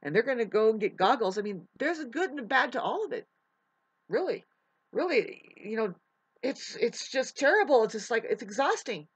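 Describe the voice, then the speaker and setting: A woman's voice: fairly high pitch, animated, normal speed, husky. A woman delivering a heated, preachy vlog monologue, swearing often as she lectures her listeners. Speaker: vlogger. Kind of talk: profane ranting monologue.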